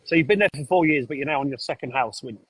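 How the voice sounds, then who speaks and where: A man's voice: on the high side, racing, fairly bright tone, slightly rough, no room sound, rough recording. A man hosting a podcast, asking short casual questions and giving brief backchannel replies. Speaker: podcast host.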